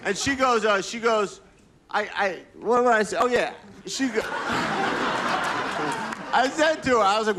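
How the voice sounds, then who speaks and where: A man's voice: high voice, moderate pace, long pauses, pushed and bright. A man performing a stand-up comedy set, telling rambling, profane stories with restarts and acting out what people said, on a club stage. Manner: profane, rambling storytelling with restarts and acted-out quotes. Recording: live club recording with audience laughter and faint noise.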